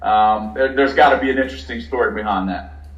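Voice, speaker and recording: A man's voice: medium pitch, brisk, muffled recording. A man hosting a drag racing channel, plugging the channel and asking easygoing interview questions. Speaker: YouTube channel host. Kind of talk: casual interview. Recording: roomy, distant mic.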